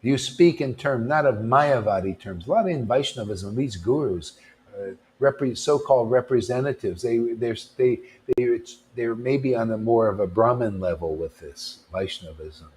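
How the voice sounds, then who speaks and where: A man's voice: medium pitch, expressive, normal speed, darkish tone, slight background noise. A man preaching informally to a devotional gathering, blunt and confrontational, throwing out rhetorical questions and calling his listeners "man". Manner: rhetorical questions, mocking asides.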